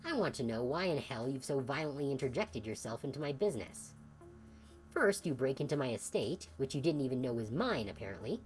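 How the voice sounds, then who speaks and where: A woman voicing a gaunt, sickly older male scientist in video game dialogue, formal and measured. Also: rumbling low, big pitch swings, a little mellow, soft background music. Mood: stern.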